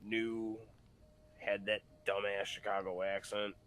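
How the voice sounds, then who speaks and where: A man's voice: fairly low pitch, slow. A man co-hosting a casual podcast chat, crude and joking, swearing a lot. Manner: crude, profane, animated joking. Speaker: podcast co-host.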